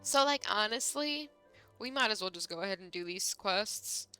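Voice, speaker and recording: Bright-voiced young woman streamer. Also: mid-range voice, lively intonation, normal speed, clean tone, faint music behind. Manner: rambling, filler-heavy. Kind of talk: casual gameplay chat.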